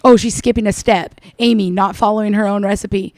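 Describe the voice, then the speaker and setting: A woman's voice: mid-range voice, steady tone, normal speed, a little mellow, dry recording. A woman giving sarcastic, scolding reaction commentary over a cooking video. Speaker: commentator reacting to another vlogger.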